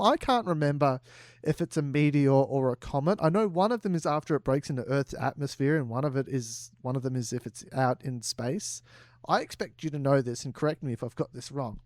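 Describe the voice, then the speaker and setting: A man's voice: fairly high pitch, a little mellow, no room sound. Hesitant man recapping, dry sound. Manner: meandering, hesitant with fillers. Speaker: co-host. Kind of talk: casual comedy podcast recap.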